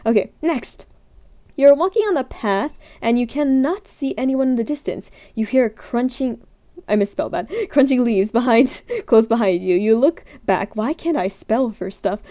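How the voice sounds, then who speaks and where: A woman's voice: on the high side, mellow. A young woman streamer chatting casually, rambling and giggling as she reacts to scenarios. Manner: rambling, giggly, frequent "like" and "frick".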